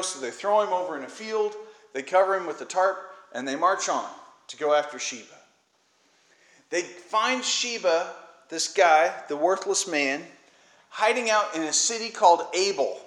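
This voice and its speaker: A man preaching in a relaxed, conversational way, retelling a Bible story and acting out the lines of the people in it. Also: on the high side, roomy sound, rough recording. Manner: conversational storytelling, acts out quoted voices. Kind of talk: informal Bible teaching.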